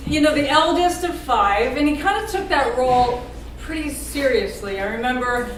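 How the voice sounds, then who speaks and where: A woman's voice: high-pitched, expressive, moderate pace, a little hiss or hum. A middle-aged woman giving a toast as mother of the groom, telling stories with frequent laughter. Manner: warm, laughing, storytelling. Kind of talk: personal toast speech. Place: large banquet room. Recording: echoey hall, far mic, loud crowd.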